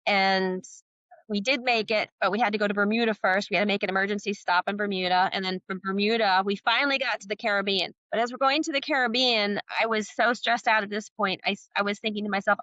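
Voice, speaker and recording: Middle-aged woman guest, bright high voice, lively storyteller, dull lo-fi sound. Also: fast, no room sound. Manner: animated storyteller, acting out dialogue. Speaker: guest, sailor and author. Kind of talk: storytelling in a podcast interview.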